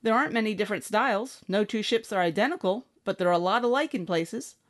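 A woman's voice: mid-range voice, quick pace, natural voice. A woman voicing a brash, snappish spacefaring bosun. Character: tough, blunt young woman ship's bosun. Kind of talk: audiobook character acting.

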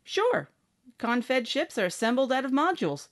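A woman performs audiobook character work with a very animated voice that sits high, keeping a moderate pace. Her character is a brash, snappish young bosun on a spaceship, tough and blunt.

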